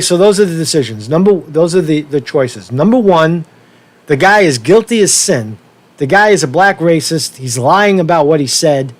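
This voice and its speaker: A fairly high-voiced man hosting a livestream, getting worked up as he talks. He keeps restarting his sentences and repeating himself, drops the odd swear word, and calls on his viewers to respond. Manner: asks viewers for feedback, profane. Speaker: livestream host. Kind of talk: casual livestream rant.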